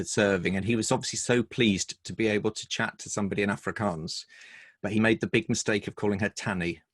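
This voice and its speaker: A middle-aged British man, a humor and speaking coach, telling lively stories with quick asides in a casual video-call interview. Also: lowish voice, no echo, clean studio sound. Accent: British English. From Britain.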